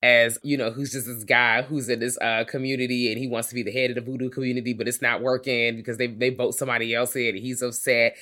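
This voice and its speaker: As if to the actor: a slangy man in casual podcast chat, swinging loud and soft. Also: fast, few pauses. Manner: slangy, swings between loud excitement and soft, low asides. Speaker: podcast co-host.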